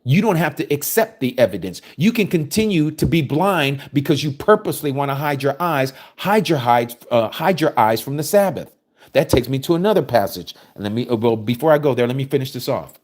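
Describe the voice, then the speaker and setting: Male preacher, mid-pitched, lively and emphatic, scripture-study sermon. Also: fairly quick. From United States. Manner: emphatic, preachy, reading verses aloud and commenting on them.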